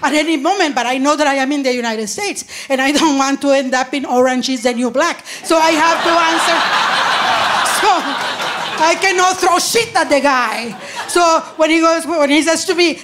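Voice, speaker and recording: A woman from Nicaragua performing live stand-up comedy, animated, shouting protest chants and laughing through her punchlines. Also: high-pitched, moderate pace, crowd noise, background noise. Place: comedy stage before a laughing audience.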